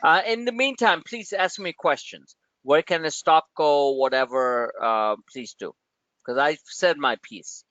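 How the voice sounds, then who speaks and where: A man hosting a livestream of market commentary, rambling and joking in an animated way. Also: a little high, a little slow, no echo, muffled recording. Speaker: trading channel host.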